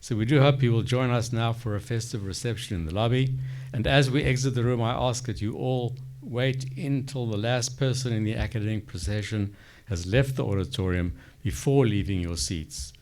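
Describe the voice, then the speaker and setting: A man closing a commencement ceremony with formal, courteous remarks, delivered deliberately. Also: mid-range voice, a little mellow. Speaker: ceremony official closing the event.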